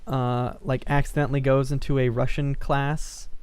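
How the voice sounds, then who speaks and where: A man chatting casually while playing a game, drifting into long rambling stories and chuckling often. His voice is smooth and resonant. The recording is dry and close. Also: mid-range voice, little pitch movement, moderate pace, darkish tone, no room sound. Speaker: let's play host. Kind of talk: casual gaming chat.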